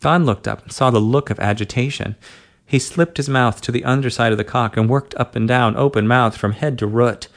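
Guy reading a story out loud, gravelly creaky voice, steady and even. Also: mid-range voice, brisk. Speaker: narrator. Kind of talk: reading an adult story aloud.

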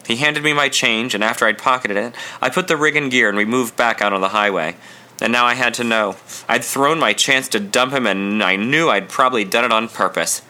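A man reading a first-person story aloud in an intense, confessional, measured narration. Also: medium pitch, sharp tone. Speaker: audiobook reader.

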